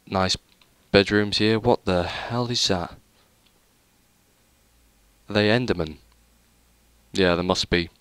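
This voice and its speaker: A man's voice: low-pitched, slow pace, pauses often, fairly bright tone, smooth, dry recording. A young man giving a rambling, self-deprecating tour of a game world, full of hesitant fillers. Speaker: gaming YouTuber. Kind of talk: casual let's play commentary.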